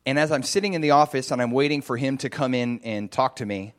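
Man preacher, animated casual storytelling sermon. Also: mid-range voice, fast. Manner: lively, animated retelling with many fillers.

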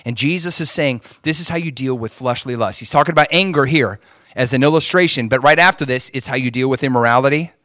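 A man preaching a sermon, moving between hushed asides and emphatic points and often checking in with the congregation. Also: mid-range voice, fast, dry recording, clean studio sound. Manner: asks the crowd for agreement often. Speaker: pastor.

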